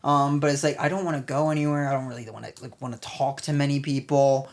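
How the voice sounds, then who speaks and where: A man's voice: medium pitch, little pitch movement, quick pace, a crowd in the background. A man in his twenties, a personal trainer and guest, chatting casually in slangy, rambling talk, tired and hungry. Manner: slangy, rambling, full of "like" and "bro". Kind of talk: casual podcast chat.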